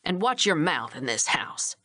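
A woman's voice: sits low, sing-song, measured pace, pushed and bright, dry recording, clean studio sound, pitched below the performer's own voice, heavily acted. A woman voicing a stern, middle-aged rancher father who speaks in curt commands.

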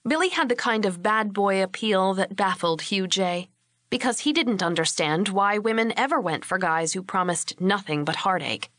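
In a dry, close recording free of room sound, a female audiobook narrator delivers scripted narration of a novel. She tells the story steadily and expressively, at a middle pitch and a moderate pace.

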